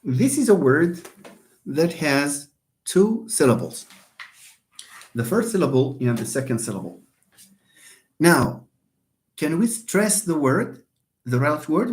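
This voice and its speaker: Man, Moroccan accent, English teacher, lively pitch, repeats himself, calls on students. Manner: switches between English and Darija, repeats key points; animated, calls on students by name. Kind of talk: online classroom lesson.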